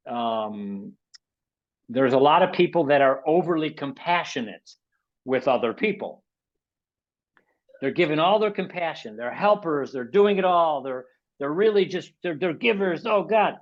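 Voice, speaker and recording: A man's voice: fairly high pitch, expressive, unhurried, long pauses. Sixties american guy presenting a webinar, rambly, restarts a lot, kinda lo-fi sound. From United States. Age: 60s. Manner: rambling, repeats words, restarts often. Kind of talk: casual talk in a webinar.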